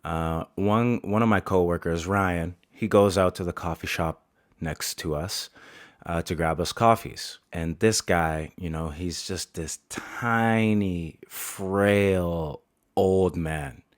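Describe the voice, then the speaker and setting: A man's voice: low-pitched, slow pace, dry recording, studio quality. A man, a barber, telling a story casually, with lots of swearing and laughter.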